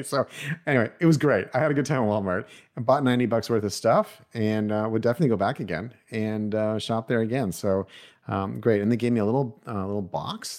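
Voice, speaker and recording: A podcast host with a lowish, darkish voice tells a personal story as a casual, rambling monologue, full of fillers and restarts.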